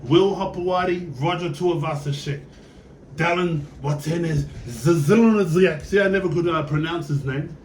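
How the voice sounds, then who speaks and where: A man's voice: on the high side, unhurried. Brief: male Tongan fan, fiery and profane, heard from a distance with faint background noise. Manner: passionate, profane and emphatic, with repeated questions to the viewer. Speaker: sports fan vlogger. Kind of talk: casual fan monologue. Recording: roomy echo, voice set back from the mic.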